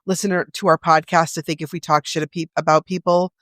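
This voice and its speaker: A young adult woman co-hosting a podcast in casual chat, slangy and expressive, often laughing as she talks. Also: deep voice, fast, dry recording. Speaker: podcast co-host.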